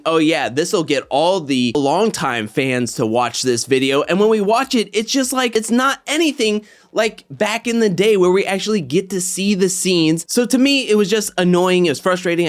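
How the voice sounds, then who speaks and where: A man hosting a casual commentary show, talking in an animated way and getting worked up as he rants. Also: high-pitched. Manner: animated, gets worked up and ranty. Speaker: reality TV commentary host.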